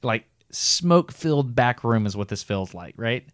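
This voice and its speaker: Animated man telling a story, dry sound. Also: medium pitch, moderate pace, dry recording. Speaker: podcast co-host. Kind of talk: casual storytelling chat.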